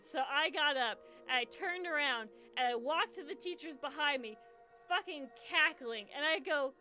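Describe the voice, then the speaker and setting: A woman's voice: high-pitched, moderate pace, bright, forceful tone. A young woman hosting a livestream, telling a story casually, full of swearing and laughter. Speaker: charity livestream host. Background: lofi hip hop music.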